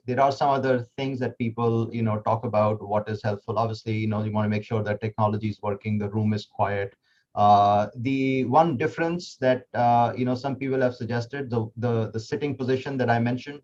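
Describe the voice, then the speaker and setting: A man's voice: lowish voice, darkish tone. A man leads an online workshop on interview skills in a loose, conversational way, often circling back with fillers and restarts. His video call audio sounds a little muffled, with faint background hum. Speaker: interview coach giving a workshop talk.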